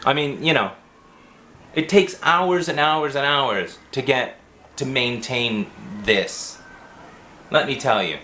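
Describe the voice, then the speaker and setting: A man's voice: medium pitch, takes it slowly, pauses often, bright, forceful tone, echoey room, a little hiss or hum. A man ranting in a profane monologue for his video blog, swearing constantly. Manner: swears constantly, rants angrily. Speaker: vlogger.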